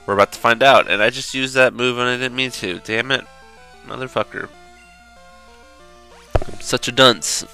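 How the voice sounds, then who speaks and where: A man's voice: medium pitch, steady tone, moderate pace, pauses often, sharp tone, soft background music. A young man doing gameplay commentary, swearing and groaning whenever the game turns against him. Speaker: let's play commentator.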